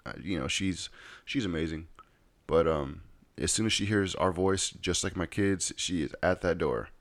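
Deep-voiced rambling man telling a story. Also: moderate pace, dry recording. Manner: rambling, repeats "right?". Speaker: vlogger. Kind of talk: casual storytelling chat. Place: home.

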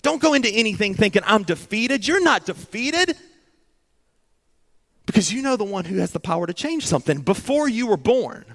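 A man's voice: high voice, big pitch swings, normal speed, fairly bright tone. A man preaching a sermon, earnest and dramatic, acting out pleading prayers in short repeated phrases.

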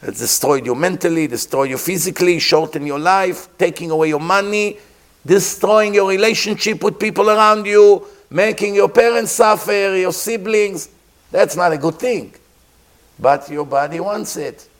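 A man giving a sermon as a rabbi, telling a story with pauses and acted-out sounds. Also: high-pitched.

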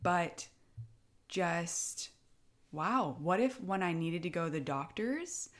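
A woman's voice: low voice, lively intonation, a little slow, fairly bright tone. A young woman, a military spouse, chatting in a casual, emotional way, tearful and rambling with many fillers. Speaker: podcast co-host, military spouse. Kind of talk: casual heartfelt chat.

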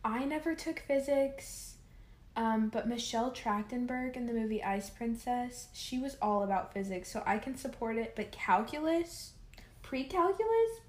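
Playful young woman in a roomy space. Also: fairly high pitch. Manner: playful, jokey. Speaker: co-host. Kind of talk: casual chat. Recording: roomy echo.

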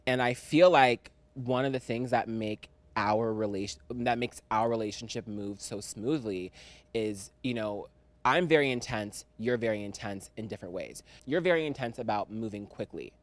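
A man's voice: lowish voice, moderate pace, dry recording. Chatty, teasing man hosting, dry mic. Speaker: podcast host. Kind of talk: casual chat.

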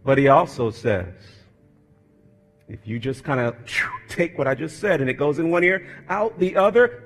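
A high-voiced man preaches in a long-reverb church sanctuary, his tone bright and forceful. He shifts from easy, conversational asides into fervent, bellowing appeals. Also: lively intonation, normal speed, husky, faint music behind. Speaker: pastor. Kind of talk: sermon.

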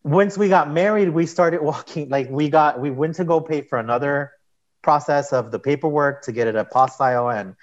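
The sound is dull and muffled as a man with a fairly high pitch and moderate pace shares a personal story. He's a guest in a casual interview, and his telling rambles, with "like" coming up constantly.

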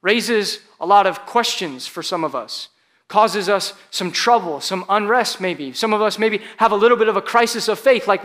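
High-voiced man preaching casually. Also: normal speed, a bit bright. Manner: casual, chatty preaching with frequent "like" and audience banter. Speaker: pastor. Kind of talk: conversational sermon. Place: church service before a live congregation.

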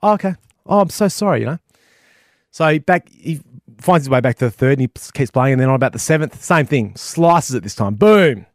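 Lively Australian podcast co-host, dry close sound, mid pitch. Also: male voice, a little fast, no room sound. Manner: lively, hyped-up storyteller. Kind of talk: casual chat, joke telling.

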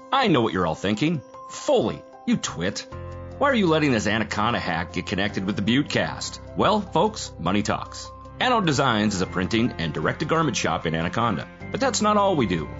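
A man's voice: lowish voice, fairly bright tone, dull audio. A man hosting a podcast, reading a sponsor ad in a wry, self-mocking way. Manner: wry, jokey, sarcastic.

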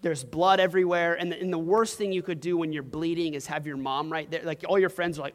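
A young man preaches in a casual, story-driven way, full of "like" and "um." His voice sits high, and a long hall reverb trails behind him. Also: fairly even intonation, fast talker, few pauses. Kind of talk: sermon. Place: church hall.

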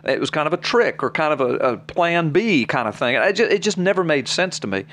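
A man's voice: fairly high pitch, very animated, a little fast, fairly bright tone. A man, a preacher on a podcast, reading scripture aloud and explaining it plainly to his co-host in an earnest, personal way. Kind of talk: podcast Bible teaching.

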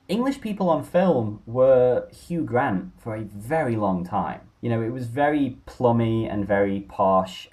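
A man in casual conversation, telling stories with enthusiasm and animated energy. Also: mid-range voice. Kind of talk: casual film chat.

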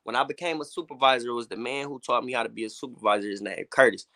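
Bright, candid man as a guest. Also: medium pitch, very fast, no echo. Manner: candid, says "you know what I'm saying" a lot. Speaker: gospel hip hop artist guest. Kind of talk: casual interview chat.

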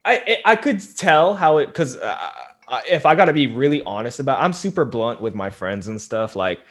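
A young man in casual podcast talk, rambling and frank. His voice sits at an ordinary middle pitch, and he keeps circling back with fillers. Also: big pitch swings, brisk. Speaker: podcast host, guest.

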